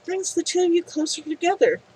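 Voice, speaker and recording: A woman voicing a gentle, reassuring guide who gives advice. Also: very high voice, sing-song, fairly quick, poor audio. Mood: kindly. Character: calm helpful advice-giver guiding others.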